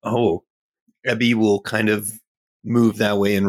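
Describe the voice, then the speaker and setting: A man's voice: on the low side, level tone, a little slow, no echo, studio quality. A man playing a tabletop game, easygoing and describing what he sees. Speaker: player. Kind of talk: casual tabletop play.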